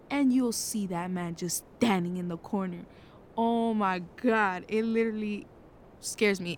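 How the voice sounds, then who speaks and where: A woman's voice: mid-range voice, slight background noise. Chatty, dramatic teenage girl. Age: late teens. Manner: chatty and dramatic, playfully spooked. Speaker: podcast host reviewing a film. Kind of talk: casual solo podcast review.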